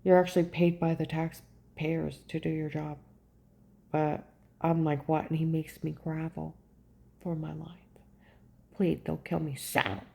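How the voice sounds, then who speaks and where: A woman telling a personal story in a rambling, agitated way, often pausing to ask "okay?" and trailing off. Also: deep voice, flat delivery, creaky, warm tone. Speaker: vlogger recounting a personal ordeal.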